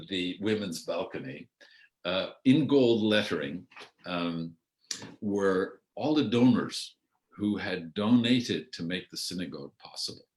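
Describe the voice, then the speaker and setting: Speaking slowly over a video call, this older Canadian man with a very low, deep voice rambles through memories of his years in theatre as an outgoing artistic director. Hesitant and unhurried, he pauses with ums, starts sentences over, and sometimes imitates the voices of people in his stories.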